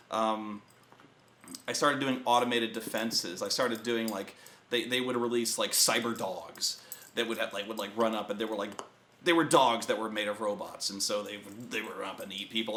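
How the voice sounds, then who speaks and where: Profane, animated man telling a gaming story. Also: lowish voice, roomy sound. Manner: profane, animated, acts out players and himself in shouted bursts. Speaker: web show host telling a tabletop gaming story. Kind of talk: casual storytelling rant.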